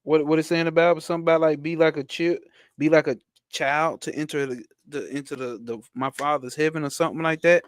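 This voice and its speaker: A man teaching spirituality. He reads a text aloud slowly and breaks off into blunt, slangy asides with profanity for a live chat. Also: on the high side, fairly even intonation, smooth, no echo, clean studio sound. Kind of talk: reading a text aloud and commenting on it.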